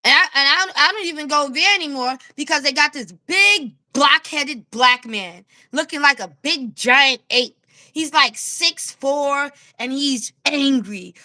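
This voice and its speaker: A woman with a New York accent ranting to camera as a street vlogger, animated and blunt, laughing as she tells her story. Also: high voice, a little slow. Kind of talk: casual rant to camera.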